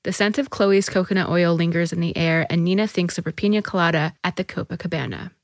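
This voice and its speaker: A woman reading a short story aloud as narrator, measured and even. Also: lowish voice, no room sound, clean studio sound.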